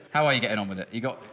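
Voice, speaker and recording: A man in his thirties doing a stand-up comedy set on a music hall stage, talking in a quick, sardonic way with sudden high outbursts. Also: bright, forceful tone. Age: 30s. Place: music hall stage before a live audience.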